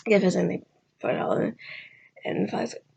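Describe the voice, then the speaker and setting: Woman storyteller, casual and rambling, mid-range voice, pops into quick character voices. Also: fairly even intonation, vocal fry, warm tone, breathy edge. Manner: chatty and rambling, acting out quotes with pitch jumps. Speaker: vlogger.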